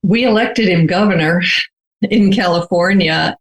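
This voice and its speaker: Measured older American woman author. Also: fairly low pitch, poor audio. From United States. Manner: measured, thoughtful, stretches key words slowly. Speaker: author being interviewed. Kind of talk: conversational interview answers.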